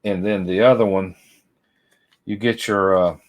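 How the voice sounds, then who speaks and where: A man's voice: low voice, fairly even intonation, a little slow, background noise. A middle-aged man, chatting casually and rambling to viewers by name as he unboxes toys. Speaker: vlogger. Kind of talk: casual chat while unboxing.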